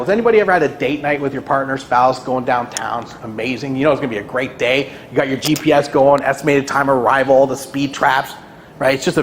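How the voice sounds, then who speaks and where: Speaking as a guest at a realty kickoff meeting, a man gives a high-energy motivational presentation, peppering it with "right?" and playing anxious clients in quick, high-pitched bursts. The recording has a little hiss or hum and the echo of a meeting room.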